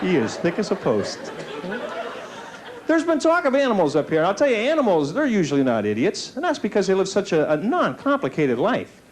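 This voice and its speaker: A man's voice: high-pitched, wildly swooping pitch, fast talker, hardly any pauses, some chatter behind. A man doing a stand-up comedy set, telling self-mocking stories and slipping into put-on voices. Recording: faint hiss from an old VHS tape. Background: audience laughter.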